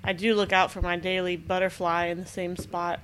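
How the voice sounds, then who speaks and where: A woman co-hosting a casual podcast, chatting and cracking quick jokes. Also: lowish voice, flat delivery, fairly bright tone, slight background noise, poor audio. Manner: jokey, quick quips. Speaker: podcast co-host. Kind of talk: casual chat.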